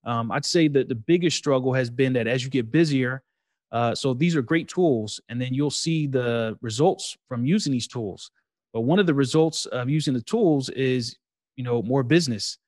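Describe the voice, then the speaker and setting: A man's voice: mid-range voice, normal speed, a little mellow, no room sound. Reflective male podcast guest, dry sound. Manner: reflective, hesitant with fillers. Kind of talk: conversational podcast.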